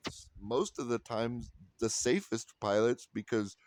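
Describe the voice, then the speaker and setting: A man's voice: mid-range voice, measured pace, darkish tone, no room sound. A man in his thirties telling a funny story in a casual vlog, quoting people and laughing often. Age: 30s. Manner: rambling with restarts and "like". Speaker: vlogger.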